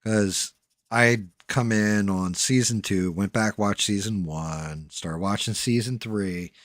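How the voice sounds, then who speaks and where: A man's voice: fairly low pitch, slow pace, dry recording, studio quality. A man hosting a livestream, chatting casually while he paints, swearing freely and muttering to himself as he works. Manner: relaxed, rambling storytelling. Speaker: livestream host.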